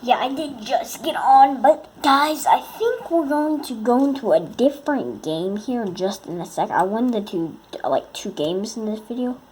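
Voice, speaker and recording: A woman's voice: a little high, animated, normal speed, hardly any pauses, a little mellow, a little hiss or hum. A woman giving casual, playful gameplay commentary to her viewers, goofing around and humming little sound effects. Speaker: gaming video creator.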